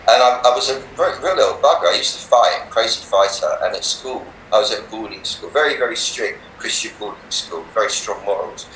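An older man, a healer and meditation teacher, telling animated stories in an interview and laughing often. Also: on the low side, fairly quick, few pauses. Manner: animated anecdotes, laughs often, acts out voices in quotes. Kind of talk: storytelling in a relaxed interview. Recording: roomy, slightly distant mic with faint background noise.

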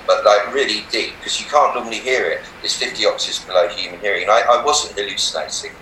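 An older man, a healer and meditation teacher, telling animated stories in an interview and laughing often. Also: on the low side, fast, hardly any pauses. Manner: animated anecdotes, laughs often, acts out voices in quotes. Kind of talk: storytelling in a relaxed interview. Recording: roomy, slightly distant mic with faint background noise.

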